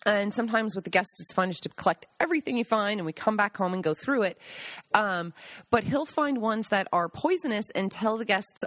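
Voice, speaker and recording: A woman's voice: mid-range voice, animated, normal speed, a bit bright, no room sound. Podcast host, woman, chatty memoir narration, dry voice. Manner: chatty, amused asides. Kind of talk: casual memoir reading and storytelling. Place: home in the countryside.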